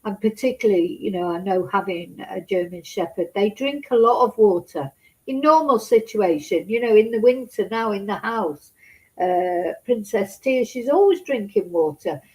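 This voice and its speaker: A woman vlogging reads a news story aloud at normal speed in a medium-pitched, expressive, soft-spoken voice. She adds hesitant personal asides, chatty and heavy with fillers, and gets upset. The audio is poor.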